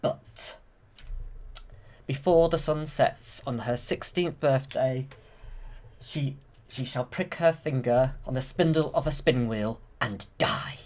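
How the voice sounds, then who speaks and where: A man voicing a grand, icy evil fairy sorceress in a slow, stately, menacing way while retelling a cartoon film. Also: medium pitch, a little mellow, lightly acted.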